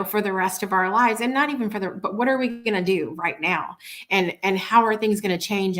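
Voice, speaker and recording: A woman's voice: mid-range voice, a bit bright. Earnest lady hosting a morning show, rambly heartfelt storytelling, keeps restarting sentences. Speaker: talk show host. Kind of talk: morning talk show monologue.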